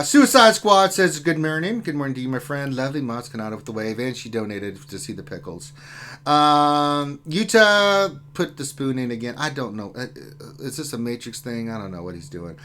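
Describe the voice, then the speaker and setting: A man's voice: medium pitch, animated, normal speed, fairly bright tone. A man hosting a lunchtime gaming live stream, joking around and reading out viewer comments in a casual chat. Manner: joking, banter-filled.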